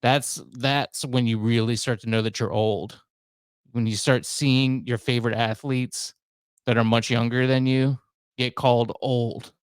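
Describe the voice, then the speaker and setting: A man's voice: mid-range voice, little pitch movement, unhurried, clear, resonant tone, no room sound. A man in his thirties hosting his own podcast, talking alone in a rambling, self-mocking way with a lot of asides. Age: 30s. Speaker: podcast host. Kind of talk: casual solo monologue.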